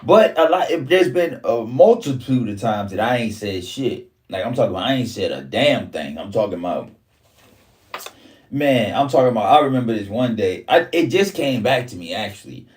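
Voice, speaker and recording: A man spins a rowdy, profane story in casual talk. His pitch swings widely and leaps high whenever he acts out what he said. He sits a little back from the mic, so his voice sounds slightly distant. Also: normal speed. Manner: animated, profane street talk, jumps high when quoting himself.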